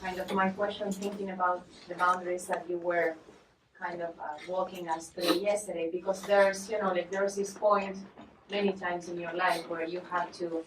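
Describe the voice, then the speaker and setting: A woman's voice: lowish voice, little pitch movement, moderate pace. A woman in the audience asking the teacher a question, hesitantly searching for her words. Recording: distant, echoey room with faint noise.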